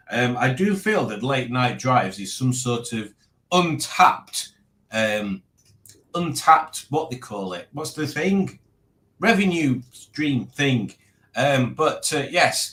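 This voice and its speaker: A man's voice: medium pitch, fairly bright tone. A man hosting a casual livestream, rambling and reading out viewer comments. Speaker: livestream host.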